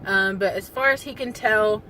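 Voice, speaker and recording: A woman's voice: medium pitch, normal speed, bright, forceful tone, slight background noise, low-quality recording. A young woman telling a personal story to her phone camera in a casual vlog, rambling with many fillers and trying not to cry. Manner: rambling, full of fillers, fighting back tears. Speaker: vlogger.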